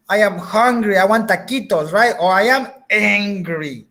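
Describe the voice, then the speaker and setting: A woman's voice: medium pitch, moderate pace, few pauses, a bit bright. A woman teaching a beginner English class, patiently repeating words, checking that students follow, and slipping into Spanish now and then.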